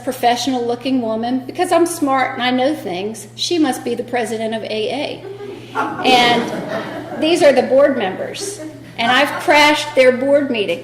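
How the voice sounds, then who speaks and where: A woman shares her recovery story at a meeting, candid and self-deprecating as she acts out what others said. Her voice sits a little high. The sound carries the echo of a roomy hall with a faint hum underneath. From North Carolina. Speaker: AA speaker. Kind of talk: personal recovery talk.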